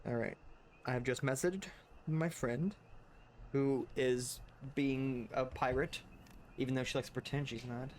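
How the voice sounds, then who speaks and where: A man's voice: medium pitch, steady tone, measured pace, slight background noise. A man chatting casually while streaming a video game, laughing often and rambling into asides. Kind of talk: casual gameplay chat.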